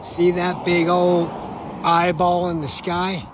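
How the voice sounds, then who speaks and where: Slow insistent man preaching outdoors. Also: high voice, completely flat delivery, background noise.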